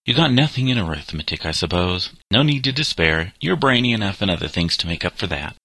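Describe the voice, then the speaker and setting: A man reading as a brisk teasing teenage boy. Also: low-pitched, sing-song, pushed and bright, dry recording, full character voice. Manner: teasing, impatient.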